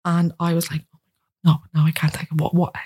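A woman's voice: sits low, fairly quick, breathy edge. Chatty woman around thirty. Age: about 30. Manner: animated, acts out quoted voices. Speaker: guest. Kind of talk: casual chat.

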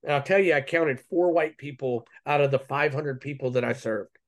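A man's voice: medium pitch, normal speed. A man guest in an interview, earnestly telling a personal story in casual, rambling speech full of fillers and restarts, saying "man" and "dude".

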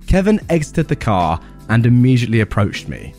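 Lively sarcastic male storyteller. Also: mid-range voice, fairly quick, soft background music. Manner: sarcastic, comic asides. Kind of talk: storytelling narration.

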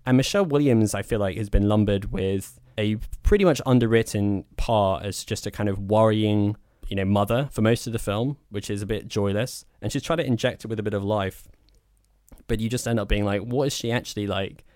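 A man with a lowish voice chats through a film review, blunt and opinionated, piling up loose asides as he goes. The sound is close and dry, with no room around it. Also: brisk, darkish tone, clean tone, dry recording. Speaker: podcast co-host. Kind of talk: casual film review chat.

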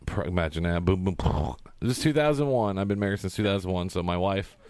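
A man's voice: low voice, lively intonation, fast talker, a little mellow, clear, resonant tone, no echo. A man in his thirties, a podcast guest in casual chat, rambling through stories and acting out what people said. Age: 30s. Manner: rambling storyteller who acts out quotes.

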